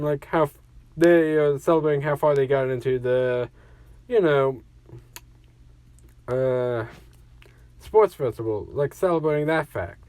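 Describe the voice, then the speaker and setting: A man's voice: on the high side, darkish tone, no echo. A man casually narrating a fan-fiction story in a rambling way, full of "like" fillers.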